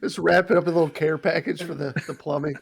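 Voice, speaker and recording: Higher voiced podcast guy, gravelly, jokey, crowd noise in the back. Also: fairly even intonation, fast. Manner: jokey, chimes in with quips. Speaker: podcast co-host. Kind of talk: casual chat.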